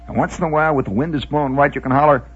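A man's voice: on the high side, rapid-fire, breathy edge, dull audio. A man from the Midwest telling a rambling, folksy radio monologue with mock-grand asides. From American Midwest, Indiana.

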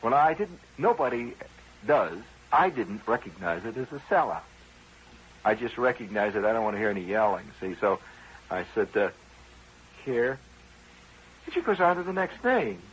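A man with a deeply raspy, husky voice rambles through a personal story on the radio. His pitch swoops up and down in a lively way, and he keeps turning to his listeners with wry asides. He sounds conversational and unhurried. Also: low-quality recording.

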